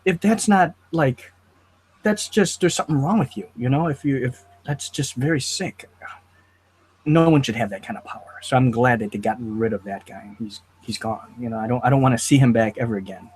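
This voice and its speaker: A man hosting a casual review chat, talking in an animated, riled-up way. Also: medium pitch, moderate pace, a little hiss or hum. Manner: animated, riled up, quotes lines in put-on voices. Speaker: host.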